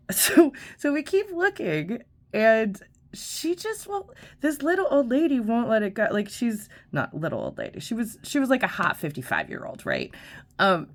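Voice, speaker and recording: A woman's voice: fairly high pitch, wildly swooping pitch, normal speed. A middle-aged woman host telling a story in a casual, profane, chatty way, full of fillers and laughs. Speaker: vlogger host.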